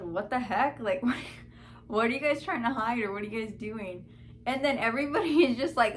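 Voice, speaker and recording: A woman's voice: medium pitch, fairly bright tone, slight background noise. Chatty young woman telling a story. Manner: chatty, fillers like "like", quoted dialogue. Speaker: vlogger. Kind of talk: casual storytime chat.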